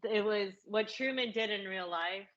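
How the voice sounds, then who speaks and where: A woman co-host talks with eager, chatty enthusiasm in a bright voice. Her audio sounds dull and slightly lo-fi. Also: mid-range voice, normal speed. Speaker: podcast co-host. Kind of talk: casual film chat.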